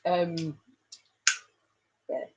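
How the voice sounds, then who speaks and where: A woman's voice: extremely slow, highs cut off, very noisy. A middle-aged woman hosts a casual live stream, chatting affectionately with viewers and laughing often. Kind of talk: casual live chat reading comments.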